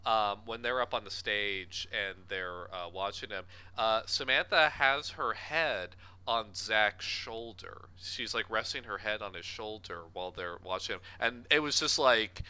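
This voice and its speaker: A man's voice: on the low side, a little slow, hardly any pauses, sharp tone, clean tone. A man co-hosting a podcast, chatting casually about a movie and acting out scenes with quoted voices. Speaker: podcast co-host. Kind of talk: casual movie review chat.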